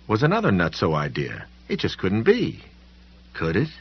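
Deep husky male audiobook narrator. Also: moderate pace, lo-fi sound. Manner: expressive, dramatic reading.

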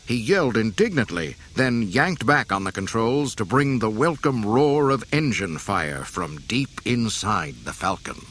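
A man with a fairly low voice narrates a storybook, his pitch rising and falling with lively drama. A faint hiss sits under the recording. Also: a little slow, few pauses. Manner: dramatic, expressive reading.

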